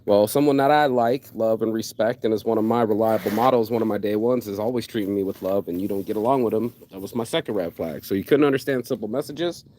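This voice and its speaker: A man's voice: on the low side, quick pace, few pauses, slight background noise. A man telling a personal story in a casual rant, acting out both sides of the conversation and cursing freely. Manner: animated, acts out both sides of conversations, swears.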